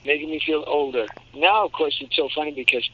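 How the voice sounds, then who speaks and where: A man in his seventies, a voice actor telling animated, jokey stories in an interview. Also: fairly high pitch, fairly quick, crowd noise. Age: 70s. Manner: animated, jokey storyteller who slips into demo voices. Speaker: voice actor guest. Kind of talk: anecdotal interview talk. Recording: muffled lo-fi audio.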